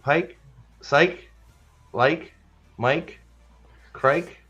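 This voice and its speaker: A man's voice: a little high, very slow, sharp tone, dull audio, soft background music. A man hosting a livestream podcast, chatting casually with joking, stammering restarts. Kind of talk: casual chat.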